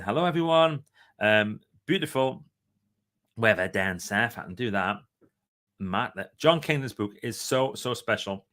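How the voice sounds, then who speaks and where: A man's voice: medium pitch, a bit bright. A middle-aged man hosting a casual livestream, reading viewer comments aloud in a chatty, playful way. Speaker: livestream host.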